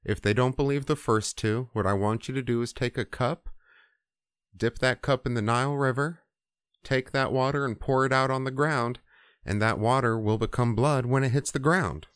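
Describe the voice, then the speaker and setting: A man's voice: mid-range voice, fairly even intonation, moderate pace, a bit bright, smooth, no room sound, studio quality, lightly acted. A man voicing God as a blunt, impatient figure who talks in casual modern slang and swears.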